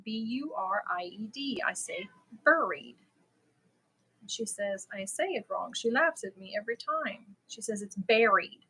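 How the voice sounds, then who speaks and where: A woman's voice: medium pitch, animated, normal speed, hardly any pauses, pushed and bright, breathy edge, low-quality recording. A middle-aged woman whose first language is not English, chatting casually and laughing at herself while hosting a livestream. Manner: chatty, self-deprecating, laughs often. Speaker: livestream host. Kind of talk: casual livestream chat with viewers.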